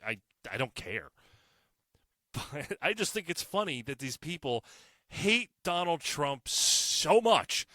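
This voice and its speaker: Man, podcast host, crude mocking rant, tense bright voice, frequent false starts. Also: mid-range voice, dry recording, studio quality. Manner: rambling with frequent restarts. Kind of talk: solo opinion podcast rant.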